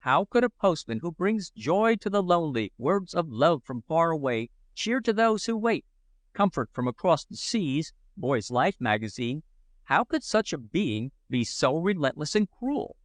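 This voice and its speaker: A man's voice: on the high side, dry recording. A man reading a humorous children's adventure book aloud in a playful, mock-heroic storytelling manner. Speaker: audiobook narrator. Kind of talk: scripted narration.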